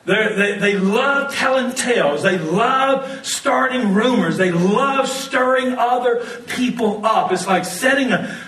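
A man preaching a sermon, telling stories in an animated way and often laughing as he talks. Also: very high-pitched, slow pace, roomy sound, distant mic, rough recording. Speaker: pastor.

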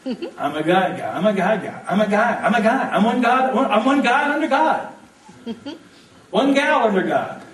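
A male pastor with a high voice preaches an animated, joke-filled sermon, getting the congregation to repeat lines back to him. He talks a little slowly and sounds somewhat distant from the mic in a roomy, echoing church hall.

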